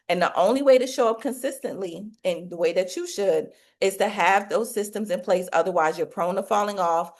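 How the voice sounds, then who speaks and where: Preachy woman coach, folksy faith-filled talk. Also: fairly low pitch. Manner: preachy, faith-filled, rhetorical questions, colloquial. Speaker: business coach for hairstylists.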